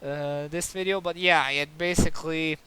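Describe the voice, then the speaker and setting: A man's voice: fairly high pitch, steady tone, normal speed, pushed and bright, smooth. A man giving a casual card game review, sarcastic and exasperated, with many fillers and restarts.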